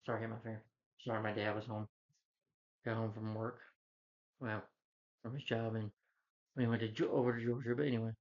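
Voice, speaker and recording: A man's voice: on the low side, little pitch movement, fairly quick, long pauses, a little mellow. A man at home recapping a film's plot in a loose, rambling way, full of "you know" and restarts. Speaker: movie reviewer. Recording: dull lo-fi sound.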